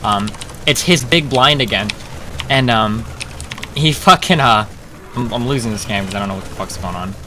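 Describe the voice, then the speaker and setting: A man's voice: medium pitch, normal speed, background noise. A man streaming, telling a rambling poker story full of profanity, with fillers and restarts. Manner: profane, rambling, gets loud and laughing.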